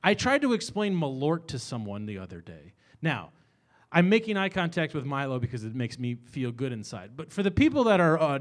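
High-voiced rambling comedy show host. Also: male voice. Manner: rambling, self-deprecating, rising into exasperated rants. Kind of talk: live comedy talk show hosting. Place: small bar venue with live audience.

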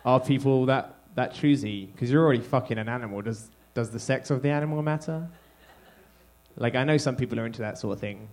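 An English man performing stand-up comedy, chatting to the crowd in a loose, conversational way. His delivery is punchy and self-deprecating, and his voice is of ordinary pitch for a man. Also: fairly quick, darkish tone. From England.

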